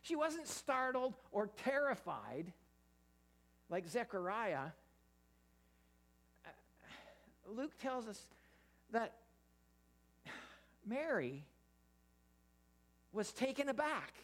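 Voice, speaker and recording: A preacher giving an interactive Bible sermon, animated, often stammering and restarting while putting questions to the listeners. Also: medium pitch, drawn-out words, pauses often. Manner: animated, quizzes the audience.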